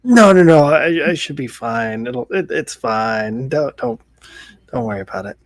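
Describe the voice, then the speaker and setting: Lively-pitched, stammering player; hesitant improv role-play, dry close sound. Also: measured pace, no echo.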